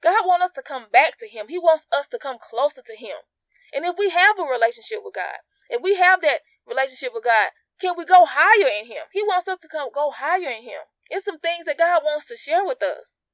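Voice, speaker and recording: An earnest woman giving an informal devotional teaching to her listeners, talking to them directly and repeating key phrases for emphasis. Her voice sits a little high. The recording is dry and close, with no room sound. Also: expressive, brisk, a bit bright, no echo. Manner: addresses listeners directly as you guys. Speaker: Bible teacher.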